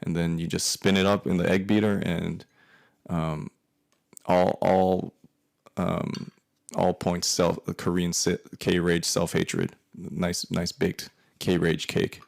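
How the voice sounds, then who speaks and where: A man's voice: sits low, flat delivery, takes it slowly, creaky. A man in his forties telling a profane, rambling comic story about his family, with frequent restarts. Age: 40s. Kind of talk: comedic personal storytelling.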